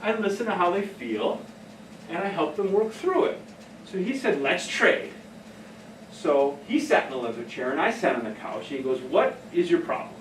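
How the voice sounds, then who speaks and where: A man's voice: a little high, lively intonation, fairly quick, slight background noise. Man giving a casual workshop talk. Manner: casual, anecdotal, laughs at own stories. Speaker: trainer. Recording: echoey room, heard from a distance.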